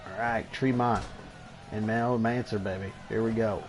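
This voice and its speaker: A man hosting a video game show, giving excitable play-by-play commentary on a wrestling match and chuckling along. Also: lowish voice, a little slow, music in the background.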